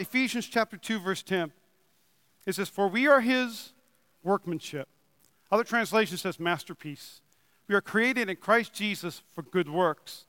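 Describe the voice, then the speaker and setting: Young man, pastor, high bright tone, excitable sermon delivery, dry body mic with a long reverb tail. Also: clean tone. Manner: excitable, rising to loud emphatic bursts then easing into chatty storytelling. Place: church building. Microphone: wearing a microphone.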